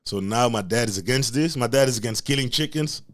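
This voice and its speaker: Animated young man telling a profane story. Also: mid-range voice, a little fast. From Africa. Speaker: podcast host. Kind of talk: storytelling rant.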